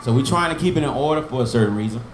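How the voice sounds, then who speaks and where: A man's voice: medium pitch, expressive, very fast, echoey room, slight background noise. A man teaching an informal Hebrew class, patiently sounding out and repeating each word and giving memory tricks. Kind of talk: informal online language lesson.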